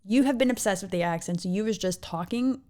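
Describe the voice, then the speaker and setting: A middle-aged woman on a casual podcast with a plain voice at an ordinary middle pitch. She backs up her co-host and often chimes in with agreement. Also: fast, dark tone. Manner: supportive, chiming in with agreement. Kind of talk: casual chat.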